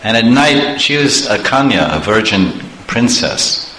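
Guy telling scripture stories, lots of chuckles, bright voice, echoey room w/ faint hum. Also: mid-range voice, measured pace. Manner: animated, chuckling often, conversational asides. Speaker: preacher. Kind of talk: storytelling sermon.

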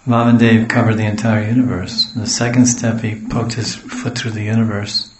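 A man's voice: fairly low pitch, level tone, fairly quick, reverberant, noisy background. A man from the West giving a storytelling sermon as a spiritual teacher, wandering into homely asides and acting out what people say. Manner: digressive, homely asides, acts out quotes.

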